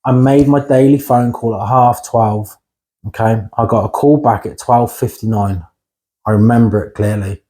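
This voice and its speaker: Frank man with a mellow voice. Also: mid-range voice, fairly even intonation, normal speed. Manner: blunt and frank, swears, keeps checking in with "right?". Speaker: interview guest. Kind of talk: candid personal storytelling.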